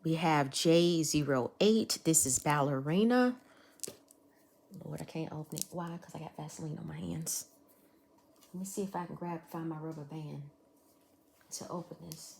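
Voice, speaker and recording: A woman chats casually as she unboxes nail supplies, talking straight to her viewers. Her voice sits low. A faint hiss runs under the recording. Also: moderate pace, gravelly, long pauses, a little mellow. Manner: chatty, talks to viewers as y'all. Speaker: nail art vlogger.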